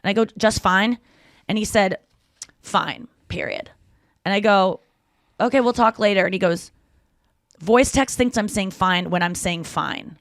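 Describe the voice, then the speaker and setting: A woman's voice: medium pitch, moderate pace, no room sound, studio quality. Chatty woman podcast host. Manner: animated storytelling, acts out quoted lines. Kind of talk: casual chat.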